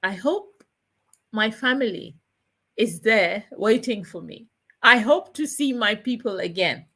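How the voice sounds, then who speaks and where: A man's voice: sits high, animated, measured pace, sharp tone, heavily acted. A woman doing a weary, solemn old man. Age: older. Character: weary old man long trapped at a mill.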